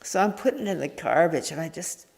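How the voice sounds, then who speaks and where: A woman Zen teacher giving an informal dharma talk, meandering and candid, with many restarts and soft chuckles. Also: sits low, expressive, quick pace, creaky. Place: meditation hall. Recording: echoey hall reverb.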